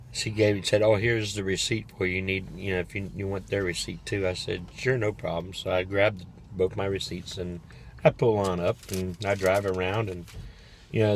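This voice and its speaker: A man's voice: low-pitched, a little hiss or hum. An older man casually telling a rambling personal story as a vlogger, sitting in his parked car, chatty and laughing as he talks. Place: parked car in a parking lot.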